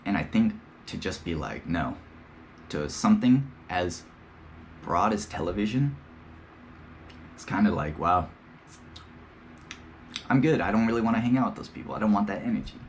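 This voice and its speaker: Lively low-voiced young man rambling casually. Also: normal speed, long pauses, slight background noise. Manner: rambling, slangy and profane, with playful impressions. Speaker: podcast host. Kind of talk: casual monologue.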